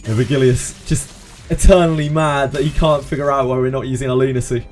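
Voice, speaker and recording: A man's voice: mid-range voice, steady tone, fairly quick, darkish tone, faint music behind. A man with a Cornish accent chatting casually and laughing while he streams a video game. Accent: Cornish English. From Cornwall, England. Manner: chatty, laughs often, sings snatches of sea shanties. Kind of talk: casual gameplay commentary.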